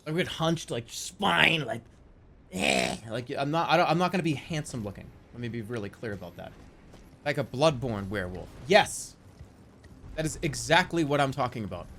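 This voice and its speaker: This forties-aged live streamer argues his point to viewers in a casual, rambling, animated way, using lots of fillers and some swearing. He speaks at a moderate pace in a mid-range voice, with a little hiss or hum on the audio.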